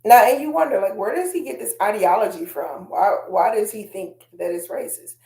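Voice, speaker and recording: A woman's voice: medium pitch, moderate pace, gravelly, warm tone, reverberant. A woman hosting a casual commentary vlog, chatting straight to her viewers and reading quotes aloud. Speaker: host.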